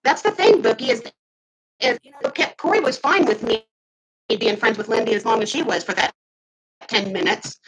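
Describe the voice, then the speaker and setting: A woman in her fifties venting heatedly to her camera, swinging between loud outbursts and muttered asides. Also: fairly high pitch, sing-song, normal speed, pauses often, husky, low-quality recording. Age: 50s. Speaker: vlogger. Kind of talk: casual ranting to camera.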